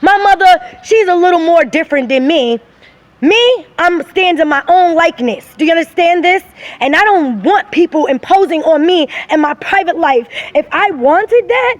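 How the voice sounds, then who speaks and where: A woman's voice: very high voice, expressive, normal speed, a little hiss or hum. A middle-aged woman filming a personal vlog on her phone, upset and talking in an emphatic, rambling, aggrieved way. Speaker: vlogger filming her own channel.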